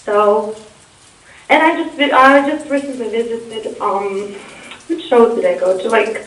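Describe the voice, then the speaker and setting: A woman's voice: fairly high pitch, a little slow. A young woman from Eastern Europe with a Russian accent, answering interview questions casually and hesitantly, with many fillers and restarts. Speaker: interview guest. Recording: echoey room, far from the mic.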